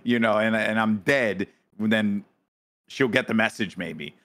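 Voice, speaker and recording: A man co-hosting a podcast, telling a story in a dramatic, animated way with frequent restarts and casual swearing. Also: lowish voice, unhurried. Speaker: podcast co-host.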